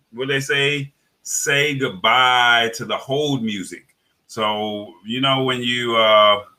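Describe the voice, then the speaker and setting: Bright-voiced man in casual tech talk. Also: mid-range voice. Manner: halting, many fillers and restarts. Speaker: tech news commentator. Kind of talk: casual live podcast chat.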